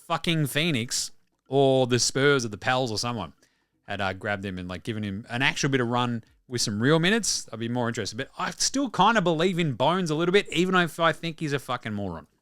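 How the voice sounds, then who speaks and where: A man's voice: medium pitch, expressive, a little fast, a bit bright, clean tone, dry recording, clean studio sound. An Australian man hosting a basketball podcast, talking in rambling, blunt, sweary casual commentary. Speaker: podcast host.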